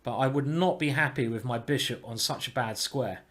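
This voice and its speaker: A man giving casual live-stream chess commentary, thinking aloud with restarts and breaking into excited exclamations. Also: medium pitch, moderate pace. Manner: bursts into excited exclamations at good moves.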